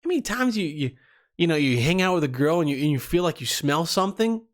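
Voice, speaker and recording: A man hosts a casual comedy podcast, rambling in a loose, profane monologue. He often stumbles and restarts his words, and his voice sits slightly high. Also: very animated, fast. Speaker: podcast host.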